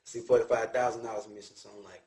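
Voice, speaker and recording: A man's voice: lowish voice, fairly even intonation, quick pace, a little mellow, roomy sound. A man recounting events in an interview, heated, blunt and full of profanity.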